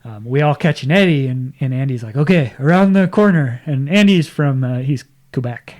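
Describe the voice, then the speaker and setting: A man's voice: medium pitch, moderate pace. A man talking as a podcast guest, spinning a casual story in a mid-range voice. He often slips into other people's lines and laughs as he goes. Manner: lively anecdote-telling, quoting others, laughs often.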